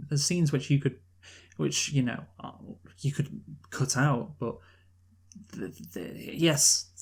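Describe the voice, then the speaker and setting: A man from England casually reviewing a film with a co-host, rambling and swearing freely. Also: on the high side. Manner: rambling, swears freely, does comic impressions. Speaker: podcast co-host.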